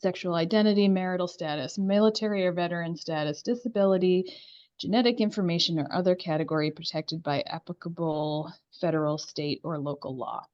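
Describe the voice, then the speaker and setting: A woman's voice: lowish voice, fairly even intonation, a little fast, a little mellow. Chatty woman on a muffled video call. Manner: chatty, explains at length with many fillers. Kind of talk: remote public meeting discussion.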